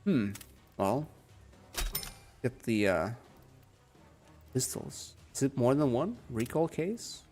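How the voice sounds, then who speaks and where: A young man with a calm, soft-spoken manner chatting casually with viewers while playing a game at home. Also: mid-range voice, slow, pauses often, soft background music. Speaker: gaming streamer. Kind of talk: casual live game commentary. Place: home room.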